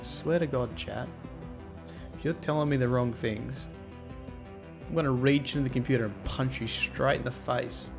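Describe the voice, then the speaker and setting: A man's voice: medium pitch, steady tone, normal speed, creaky, pauses often, over music. A man streaming a game and chatting casually with his viewers, cheeky and joking as he thanks them and teases the chat.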